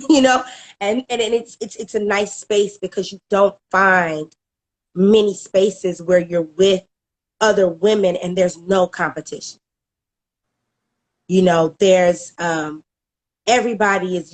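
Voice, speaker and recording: A woman's voice: mid-range voice, steady tone, a little slow. A middle-aged woman, giving a candid personal testimonial about a coaching program, often repeating words and laughing as she goes.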